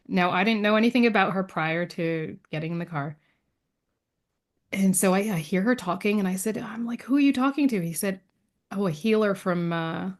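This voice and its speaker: A woman guest on an interview podcast, telling a personal story in a lively way and acting out the other people's words. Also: lowish voice. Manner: lively storyteller who acts out quoted dialogue; frequent fillers and restarts, laughs between lines.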